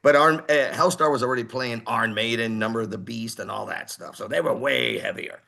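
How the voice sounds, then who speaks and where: A man in his sixties from Houston, a heavy metal singer telling stories as an interview guest in an animated way, acting out other people's voices. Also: mid-range voice, brisk, vocal fry. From Houston, Texas. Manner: animated, acts out quoted voices. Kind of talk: casual interview storytelling.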